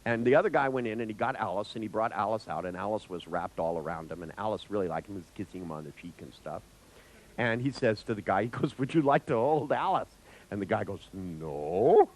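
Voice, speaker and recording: A man telling an anecdote in a lecture, acting out the voices with big jumps in pitch, swearing now and then and laughing at his own tale. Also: quick pace, poor audio. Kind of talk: storytelling in a lecture.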